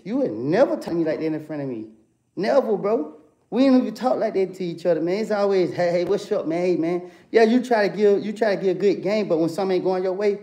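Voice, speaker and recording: A man's voice: on the high side, warm tone. A young man, ranting confrontationally on a livestream and repeating "bro" and "come on, man" constantly. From Atlanta, USA. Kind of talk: heated livestream rant.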